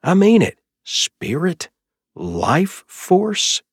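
A man's voice: animated, unhurried, husky, dry recording, studio quality, exaggerated voice. A man doing a sulky, raised-voice young guy. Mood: grumbling. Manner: sulky and sputtering, voice pushed higher. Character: young man, glum, defensive, wisecracking.

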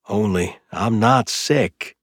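A man's voice: takes it slowly, breathy edge, no room sound, clean studio sound. A man doing a sulky, raised-voice young guy. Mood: grumbling. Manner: sulky and sputtering, voice pushed higher. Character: young man, glum, defensive, wisecracking.

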